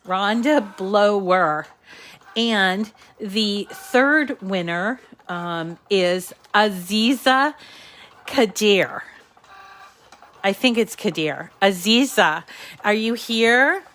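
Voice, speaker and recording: A woman's voice: medium pitch, animated, very slow, a bit bright. A woman with a New England accent hosting a live crafting show, chatting with viewers in a casual, filler-filled way.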